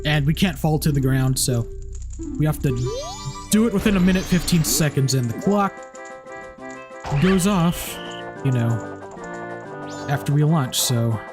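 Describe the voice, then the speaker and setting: A man's voice: fairly high pitch, expressive, unhurried, pauses often. A man giving casual let's play commentary, rambling with many restarts and fillers. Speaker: gameplay commentator. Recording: game music playing behind.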